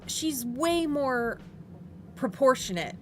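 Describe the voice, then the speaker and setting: A woman's voice: high-pitched, expressive, takes it slowly, slight background noise. A woman co-hosting a casual chat, talking in a playful, gushing way about miniatures. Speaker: co-host reviewing miniatures.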